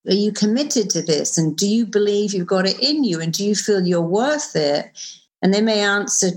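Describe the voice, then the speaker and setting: A middle-aged woman who is a therapist and author, speaking as an interview guest in an animated, emphatic way with quick asides. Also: medium pitch. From United Kingdom. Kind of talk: conversational interview.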